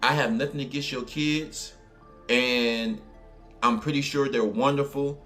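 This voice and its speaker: A man's voice: medium pitch, steady tone, unhurried, sharp tone, soft background music. A man with a New Orleans accent voicing a flustered young man on a date who stammers and hesitates.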